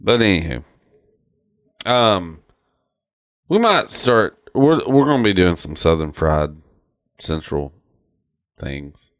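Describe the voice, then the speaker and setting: A man's voice: sing-song, takes it slowly, long pauses. Middle-aged guy cohosting a podcast, swears a ton, rambles, voice bounces all over. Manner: profane, rambling, acts out cartoon quotes in silly high voices. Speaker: podcast co-host. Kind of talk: casual chat.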